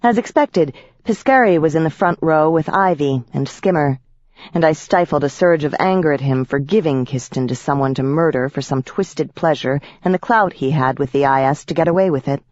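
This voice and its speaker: A woman narrating a first-person audiobook with a wry, lively storytelling manner. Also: low-pitched, moderate pace, no echo, lo-fi sound.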